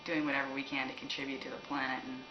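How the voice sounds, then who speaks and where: A woman's voice: rumbling low, level tone, racing. A woman from Canada, a musician, answering fan questions in a rambling, candid way and laughing often. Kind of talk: casual chat. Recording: roomy, dull, noisy recording.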